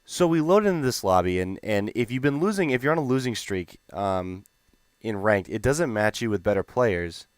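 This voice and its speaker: A young man telling a gaming story in a rambling, animated, profane way. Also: lowish voice, moderate pace, clean tone, no room sound. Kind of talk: casual storytelling.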